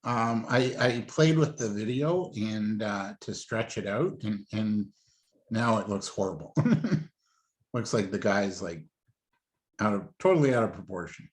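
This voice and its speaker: A man's voice: fairly low pitch, measured pace. A man hosting a webinar, chatting casually and apologizing while he fixes the video. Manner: apologetic, fumbling with the slides. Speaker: webinar host. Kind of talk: casual chat.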